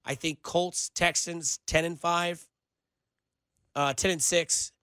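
A man hosts sports talk radio with a bright, forceful voice that sits a little high for a man. He rambles loosely from point to point, leaning on filler words. The studio mic sound is close and dry. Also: fairly even intonation, slow, clean tone, no echo. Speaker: radio show producer and host. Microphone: studio microphone.

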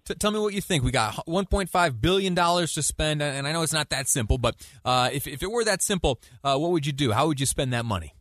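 A man hosting a call-in radio show, talking in a halting way with frequent restarts. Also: a little high, animated, fairly bright tone, dry recording, clean studio sound. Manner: halting, many restarts, laughs easily. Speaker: radio talk show host.

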